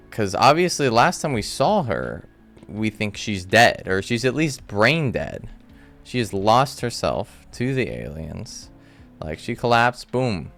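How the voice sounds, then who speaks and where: Chatty low-voiced man recapping a show. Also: gravelly. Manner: chatty, rambling, animated asides. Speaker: TV episode breakdown host. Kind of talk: casual recap commentary. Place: room at home.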